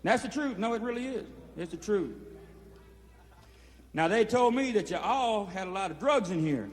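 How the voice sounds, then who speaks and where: High-voiced man spinning a rambling yarn. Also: lively intonation, normal speed. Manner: drawling, profane, peppered with "you know". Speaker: performer addressing inmates. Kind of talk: rambling spoken storytelling. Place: prison hall. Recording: reverberant hall, 1970s film sound.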